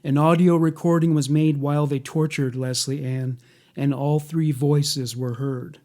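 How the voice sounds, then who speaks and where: Male narrator, slightly high voice, unhurried and measured, plain documentary read. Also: steady tone, a little mellow. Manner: measured, matter-of-fact reading.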